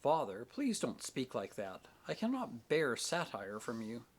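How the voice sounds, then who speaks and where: A man voicing an earnest, devout young woman pleading gently with her father in an audiobook. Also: mid-range voice, wildly swooping pitch, a little slow. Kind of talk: audiobook character reading.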